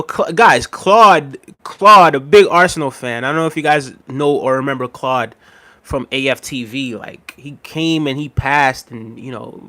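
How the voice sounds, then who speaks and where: A man's voice: medium pitch, bright, forceful tone. A man hosting a casual livestream, reading viewer comments aloud and chuckling often as he answers them. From United States. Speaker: livestream host.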